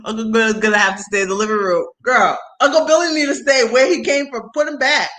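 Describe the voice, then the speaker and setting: A young woman with a bright, forceful voice, chatting casually as a host. She tells stories with plenty of slang and breaks into laughter often. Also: a little high, steady tone, fairly quick. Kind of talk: casual storytelling chat.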